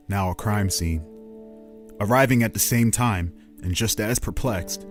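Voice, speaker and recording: A man serving as game master, narrating a tabletop role-playing story in a steady storytelling manner. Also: deep voice. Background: background music.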